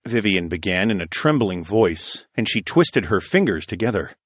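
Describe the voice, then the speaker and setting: A man narrating a first-person fantasy story in a steady, even storytelling voice. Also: lowish voice, normal speed, breathy edge, no echo, clean studio sound. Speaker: audiobook narrator.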